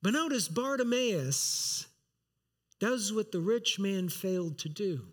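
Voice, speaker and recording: Very high-voiced preaching man. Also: expressive, takes it slowly. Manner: earnest, emphatic preaching that reads scripture aloud. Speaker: pastor. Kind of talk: sermon with scripture reading.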